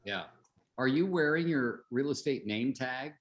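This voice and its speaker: A man's voice: medium pitch, lively intonation, unhurried. A middle-aged man coaching real estate agents on a group call, chatty, telling stories and asking the group questions.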